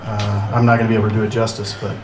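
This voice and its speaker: A man giving a halting, informal eulogy at an outdoor memorial, full of pauses and dry jokes. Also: on the low side, monotone, music in the background. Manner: hesitant, many "uh" fillers, dry humor. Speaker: memorial speaker. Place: outdoor gazebo. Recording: echoey, distant, noisy.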